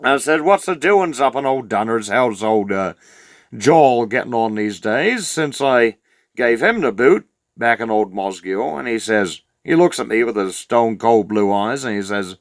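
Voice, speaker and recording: A man's voice: medium pitch, animated, a little slow, no room sound, studio quality. A man voicing a crude, rambling old rural farmer from New Zealand with a Southland accent, telling a comic yarn in a meandering drawl full of "uh" fillers. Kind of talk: comic character monologue.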